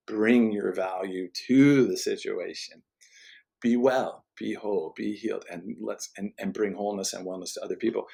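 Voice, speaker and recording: A man's voice: fairly low pitch, vocal fry. A man, a guest speaker, giving a conversational faith teaching in an earnest, emphatic way, often restarting his sentences. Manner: earnest and emphatic, with frequent restarts and quick laughs.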